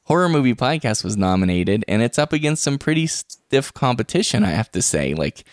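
A man's voice: medium pitch, sing-song, fairly quick, dry recording, studio quality. A man hosting a podcast in casual chat, chatty and laughing often. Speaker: podcast host. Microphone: podcast microphone.

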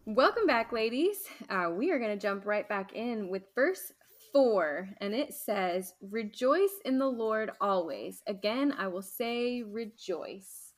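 A woman's voice: medium pitch, expressive, takes it slowly. A woman co-hosting a women's Bible podcast, talking in a reflective, self-deprecating way and laughing at herself. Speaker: podcast co-host. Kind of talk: casual podcast chat.

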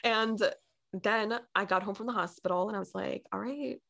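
Young woman, blogger, casual chat, animated storytelling, filler-heavy, mid pitch. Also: moderate pace, gravelly. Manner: animated storytelling, acting out quoted people; lots of "like" fillers, drops to near-whispers.

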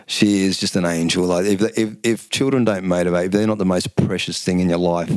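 A man's voice: deep voice, fairly quick, clear, resonant tone, no echo. An Australian man in his fifties, a former fighter, talking casually and at length as an interview guest, acting out quotes as he tells stories. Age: 50s. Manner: rambling, animated storyteller who acts out quotes. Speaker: guest, former kickboxing champion.

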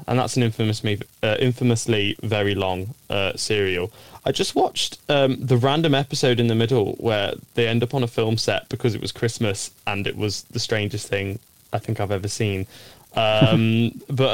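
A man's voice: mid-range voice, no room sound. A young man chatting on a podcast panel, laughing often and rambling in a self-deprecating way. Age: young adult. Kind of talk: casual podcast chat.

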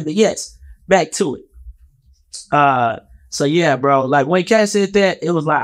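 Brief: male vlog commentator, slightly high voice, heated and profane, rambles with lots of fillers. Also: normal speed, no room sound, clean studio sound. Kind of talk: casual commentary rant.

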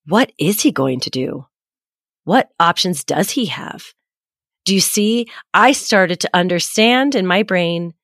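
Candid woman podcast host, low voice. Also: fairly bright tone, no echo, clean studio sound. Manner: candid, reflective, acts out quoted voices. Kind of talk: personal storytelling to listeners.

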